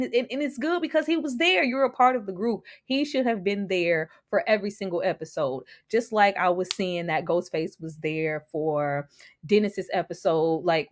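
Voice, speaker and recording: Woman, young adult, livestream host, casual review chat, very lively pitch, frequent laughter. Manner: animated, laughs often, greets viewers by name.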